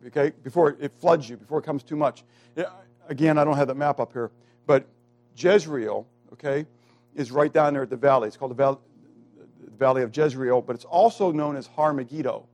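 A man preaching a sermon who keeps asking the congregation questions and waiting for their answers. He slows down to stress key words and moves between loud, emphatic lines and quiet asides. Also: mid-range voice.

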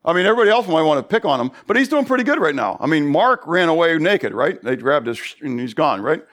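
Man, pastor, sermon, animated, rhetorical questions, slightly high voice. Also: quick pace. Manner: animated preaching, rhetorical questions, acted-out dialogue.

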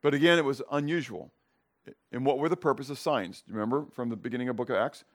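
A man's voice: mid-range voice, fast. A man teaching a casual Bible class, checking in with "okay?" and "right?" and acting out scenes for his students. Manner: asks the class questions and acts out scenes.

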